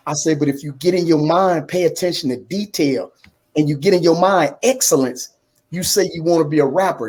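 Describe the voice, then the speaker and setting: A man's voice: medium pitch, darkish tone. A man in his fifties, a guest talking casually about his life. He acts out conversations and keeps saying "man" as he goes. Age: 50s. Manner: acts out dialogue, drops in "man" a lot. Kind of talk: conversational storytelling. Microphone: computer on a video call.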